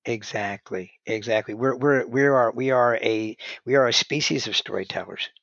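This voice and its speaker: A man's voice: medium pitch, normal speed, vocal fry, a bit bright, no echo. Rambling man, dull lo-fi sound. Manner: rambling, restarts sentences, heavy "you know" filler. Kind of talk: conversational storytelling.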